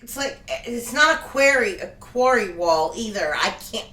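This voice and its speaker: A woman co-hosting a podcast, chatting casually about a movie and chiming in with quick agreements and asides. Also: on the high side, lively intonation, bright, forceful tone. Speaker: podcast co-host. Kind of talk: casual movie review chat.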